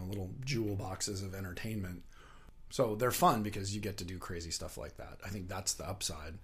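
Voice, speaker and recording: A middle-aged man who writes and directs puppetry chats as a guest in a casual interview. His voice is fairly low and slightly rough, and he rambles, frequently restarting his sentences.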